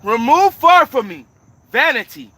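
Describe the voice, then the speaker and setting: A man reading Bible verses aloud slowly and carefully. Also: extremely high pitch, big pitch swings, bright, forceful tone, no echo. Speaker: scripture reader.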